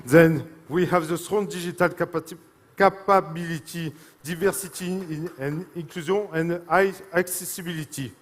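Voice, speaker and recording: A man with a French accent giving an emotional, halting live speech from a stage, with many fillers and apologies. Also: high-pitched. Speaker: speaker presenting a product. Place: stage at a large live event. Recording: long reverb of a large hall.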